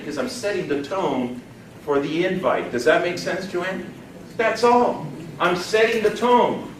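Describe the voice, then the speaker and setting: A man's voice: high voice, expressive, normal speed, a little hiss or hum. A man leading a live sales training, folksy and emphatic, often quizzing the audience. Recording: echoey room, distant mic.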